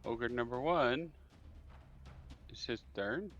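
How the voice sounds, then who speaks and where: A man's voice: medium pitch, expressive, slow, a bit bright, muffled recording, soft background music. A man running a tabletop game as dungeon master, calling out turns and damage.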